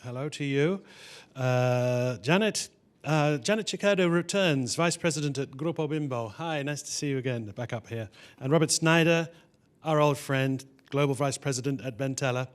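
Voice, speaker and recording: Guy emceeing a conference on stage, chatty, trips over words and laughs it off, mid pitch. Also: normal speed, clean tone. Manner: chatty, stumbles over words with self-deprecating asides. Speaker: event host introducing a panel. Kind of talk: live stage introduction.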